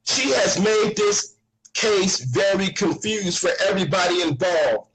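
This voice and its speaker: A man's voice: sits high, expressive, measured pace, fairly bright tone, rough recording. A man in a heated argument, insistent, repeating his questions and talking over the other man.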